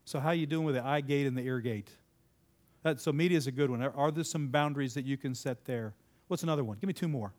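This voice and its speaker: His voice is mid-range and darkish, and he talks at a quick pace before a live audience. The sermon-style delivery is conversational, full of questions to the crowd, repeated answers, and abrupt emphatic rises.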